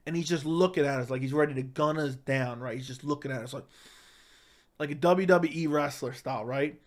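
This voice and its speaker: A man telling a comic story in a deadpan tough-guy way, with lots of "right?" and "like". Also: a little high. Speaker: comedic storyteller. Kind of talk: casual storytelling monologue.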